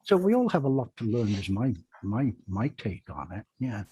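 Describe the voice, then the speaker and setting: Husky man telling a rambling story. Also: medium pitch, sing-song, normal speed, mellow, dry recording. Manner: rambling storyteller with self-corrections. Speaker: magician and panel guest. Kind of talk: anecdotal storytelling in a panel chat.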